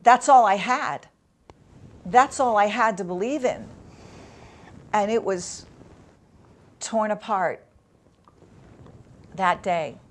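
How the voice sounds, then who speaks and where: A woman guest in an interview, telling a painful personal story in an emotional, halting way with long pauses. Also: medium pitch, animated.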